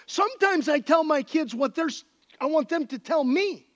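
A man preaching a sermon in an easygoing, conversational way, his voice sitting high and swinging widely in pitch. He sounds young and talks to the congregation like friends. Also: animated, moderate pace. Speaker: pastor.

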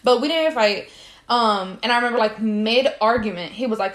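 A woman's voice: a little high, normal speed. A young woman co-hosting a podcast, chatting casually and acting out the people in her stories with slang. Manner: animated storyteller, acts out quotes, slangy. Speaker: podcast co-host. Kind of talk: casual chat.

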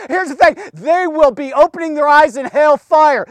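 A man preaching a devotional sermon, emphatic and full of rhetorical questions and "okay?", swinging between loud urging and hushed low talk. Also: normal speed, few pauses, dry recording, studio quality.

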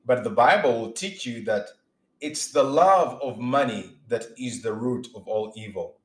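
A man delivers an informal sermon in an earnest, emphatic way, often restarting sentences and acting out his examples. His voice sits in a middle pitch. The recording carries a roomy echo. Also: unhurried. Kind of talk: informal preaching monologue.

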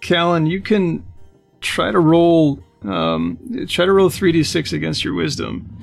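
A man narrating as game master of a tabletop game, with many halting fillers. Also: on the high side, animated, gravelly, soft background music.

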